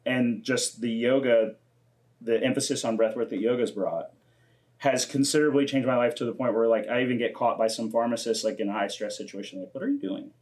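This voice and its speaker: The podcast host, a man in his twenties, speaks briskly in a medium-pitched, darkish voice with fairly even intonation. He's laid-back and casual, swearing a lot and acting out quotes along the way.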